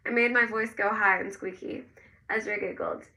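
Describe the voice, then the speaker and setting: Bright, gravelly woman narrating a novel. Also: medium pitch, steady tone, moderate pace, far from the mic, poor audio. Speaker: audiobook narrator. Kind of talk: first-person novel narration.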